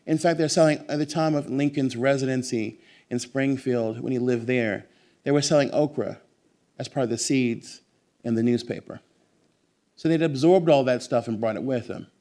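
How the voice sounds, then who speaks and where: Animated man at a bookstore talk. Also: mid-range voice, moderate pace. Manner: animated, digressive, emphatic. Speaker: author and guest. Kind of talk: bookstore author conversation. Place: bookstore event.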